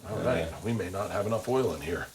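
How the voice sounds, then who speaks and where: A man hosting a comedy cooking show, narrating his recipe and bantering loudly with plenty of swearing. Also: deep voice, fast, a crowd in the background. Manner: loud, profane, laughing banter. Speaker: show host. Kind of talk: casual chat while cooking.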